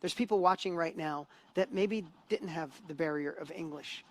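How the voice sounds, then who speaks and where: A man's voice: a little high, moderate pace. A man hosting a live-streamed interview, enthusiastic and encouraging, talking in a motivational way. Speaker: host and course co-creator.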